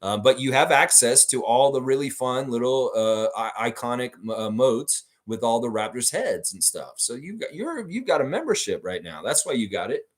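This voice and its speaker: A man's voice: mid-range voice, animated, moderate pace, few pauses. A man hosting a fan livestream, chatting casually and answering viewer comments in a rambling way with lots of fillers.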